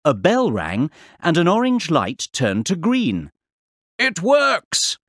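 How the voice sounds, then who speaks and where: A man narrating a story slowly and clearly for English learners. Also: on the high side, no room sound, studio quality. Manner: deliberate, expressive reading for learners. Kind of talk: slow, clear textbook narration.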